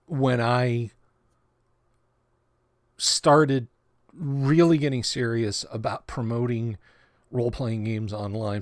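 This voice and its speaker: Studio-quality audio with no room sound captures a medium-pitched man hosting a tabletop gaming livestream. His talk is loose and rambling, and he keeps stumbling over words and saying them twice.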